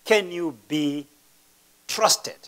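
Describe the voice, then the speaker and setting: A male pastor delivers a sermon in a high, raised voice at an unhurried pace. He fires rhetorical questions at his listeners and lets dramatic pauses hang. His loudness rises and falls sharply for emphasis.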